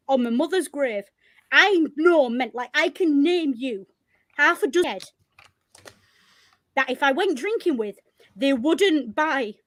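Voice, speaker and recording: A woman with a Yorkshire accent, co-hosting a casual podcast chat, lively and blunt, laughing often and swearing freely. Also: high voice, no echo. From Northern England. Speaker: podcast co-host.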